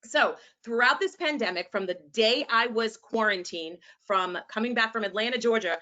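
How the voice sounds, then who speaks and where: Woman with a New York accent, teacher trainer, passionate, bright forceful voice, slightly high. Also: dull audio. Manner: passionate, animated, sometimes fast. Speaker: educator and presenter. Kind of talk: presentation to teachers.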